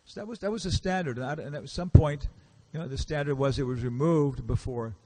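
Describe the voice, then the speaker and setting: A man's voice: a little high, brisk, darkish tone. Chatty American man giving a lecture. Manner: chatty, acts out quoted characters, asks the audience questions. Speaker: visiting lecturer. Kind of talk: casual storytelling lecture. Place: temple hall.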